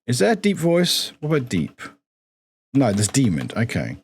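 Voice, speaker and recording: Chatty British streamer, lively voice. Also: male voice, mid-range voice, normal speed, slight background noise. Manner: chatty, scattered, swears, many restarts. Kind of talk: casual live-stream chat.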